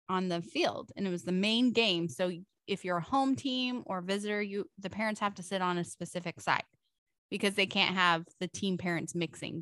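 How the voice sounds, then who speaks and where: A young woman with a Californian accent, chatting casually and telling stories with plenty of laughter and many uses of like and dude. Her voice sits at a middle pitch. The recording is dry and close, with no room sound. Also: a bit bright, no echo. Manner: storytelling, laughs a lot, says dude and like. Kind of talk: casual chat.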